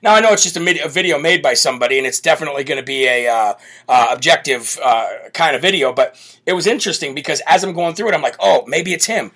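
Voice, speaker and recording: A man's voice: a little high, fast, bright, forceful tone. Brash man hosting political talk. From United States. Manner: brash, bold, emphatic. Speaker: political talk show host. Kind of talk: live political commentary.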